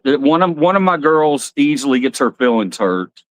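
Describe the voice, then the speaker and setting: A man hosting a casual livestream, rambling, blunt and quick to swear. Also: on the high side, big pitch swings, dry recording. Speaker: livestream host.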